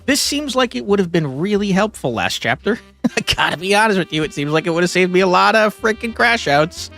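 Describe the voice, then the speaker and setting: A man's voice: high voice, lively intonation, a little fast, pushed and bright, faint music behind. A young man streaming a game from home on a desk microphone, chatting casually and reading on-screen text aloud with jokey asides.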